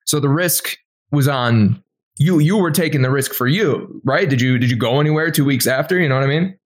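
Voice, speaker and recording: A man's voice: medium pitch, brisk. A man on a podcast asking probing questions casually, with filler words. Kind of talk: casual chat.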